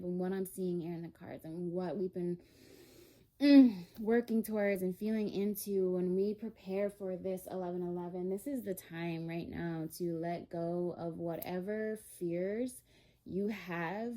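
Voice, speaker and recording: Slow, mellow-voiced woman tarot reader. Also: fairly low pitch. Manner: rambling, many fillers and restarts; earnest and reassuring. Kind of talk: casual spiritual reading.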